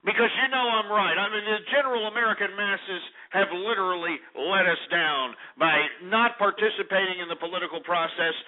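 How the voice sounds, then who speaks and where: A man hosting a call-in radio show, ranting angrily and throwing out profane insults at callers. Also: sits high. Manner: angry, profane, shouting insults. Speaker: radio talk show host. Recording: tinny phone-like radio broadcast.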